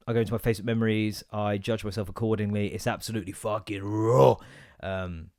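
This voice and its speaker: A man, hosting a comedy podcast with sweary, exasperated rants and sudden loud outbursts. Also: medium pitch, dry recording, clean studio sound. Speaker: podcast host. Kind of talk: comic ranting monologue.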